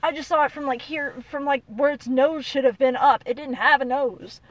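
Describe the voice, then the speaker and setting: A woman, hosting a podcast and telling a story in a chatty, animated way. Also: high-pitched, moderate pace, recorded from a distance, poor audio. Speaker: podcast host. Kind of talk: casual storytelling.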